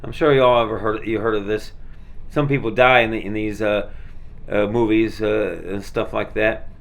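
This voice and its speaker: A man with a lowish voice and fairly even intonation rambles casually at a moderate pace through his movie collection on his vlog. He's laid-back, with lots of fillers and restarts.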